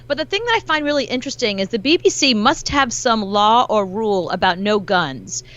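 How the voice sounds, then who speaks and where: In a muffled recording, a woman with a mid-range voice speaks fairly quickly as a guest commentator and celebrity journalist in a casual interview. She stays animated throughout, performing the quotes she relays.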